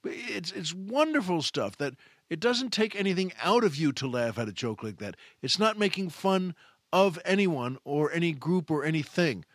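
A fairly high-voiced man spins a casual anecdote as a podcast host, his pitch leaping up and down with enthusiasm. He talks in a chatty way, often restarting his phrases. The recording is dry and close, with no room sound. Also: expressive, moderate pace, dry recording.

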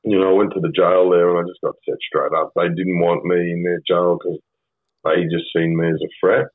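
A man's voice: low voice, flat delivery, a little fast, no room sound, phone-quality sound. A middle-aged Australian man telling a story on a podcast in a blunt, sweary, rambling way, full of fillers. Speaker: podcast guest. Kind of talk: casual storytelling.

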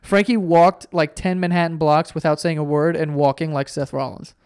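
A young man co-hosting a podcast in casual chat, teasing and quick to laugh, swearing often. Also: fairly high pitch, steady tone, a little mellow, clean tone, no echo, clean studio sound. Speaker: podcast co-host.

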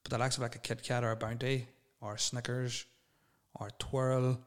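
A man's voice: mid-range voice, flat delivery, moderate pace. A young man hosting a solo podcast, rambling and swearing bluntly as he answers listener questions. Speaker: podcast host.

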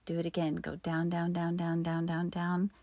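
A woman in her fifties telling a personal faith story in an earnest way, sometimes dropping into soft whispered asides. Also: fairly low pitch, monotone, normal speed, no room sound. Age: 50s.

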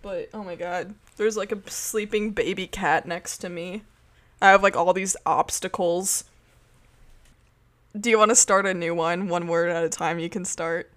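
A woman's voice: fairly low pitch, moderate pace. A young woman co-hosting a casual podcast, playful and giggly, recorded at home over a call. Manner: giggly, playful, lively intonation. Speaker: podcast co-host. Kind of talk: casual chat. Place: dim room at home, surrounded by cords.

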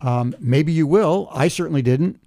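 A man in his seventies explaining humor in conversation and telling a joke slowly, step by step, with pauses. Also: fairly high pitch. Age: 70s. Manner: animated, builds jokes slowly with pauses.

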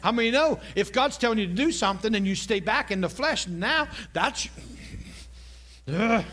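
A man's voice: high voice, expressive, normal speed, fairly bright tone. A man delivers a sermon. He talks in a loose, conversational way, cracking jokes and asking the crowd if they follow along. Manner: conversational, jokey, asks the congregation questions. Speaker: preacher.

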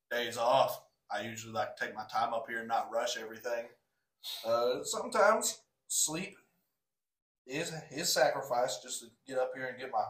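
A man's voice: mid-range voice, fairly bright tone. A man answering interview questions in a plain-spoken, matter-of-fact way. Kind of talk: casual podcast interview. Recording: roomy echo.

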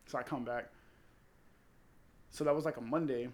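A man telling crude stories in casual chat, animated and swearing a lot. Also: medium pitch, normal speed. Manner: crude, animated storytelling with acted quotes.

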